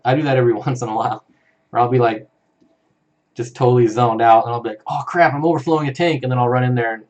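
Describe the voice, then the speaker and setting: Male streamer, mid-pitched, relaxed and chatty, chuckling as he reads out viewer comments. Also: fast, muffled recording. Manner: easygoing, chuckles often, reads comments aloud. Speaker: live-stream host for an aquarium channel. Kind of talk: casual live-stream chat reading viewer comments.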